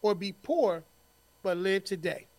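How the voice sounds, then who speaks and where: A man's voice: sits high, expressive, darkish tone, no echo. A man from New Jersey co-hosting a podcast, easygoing, reading out questions in casual banter. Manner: easygoing, reads questions slowly. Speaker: podcast co-host.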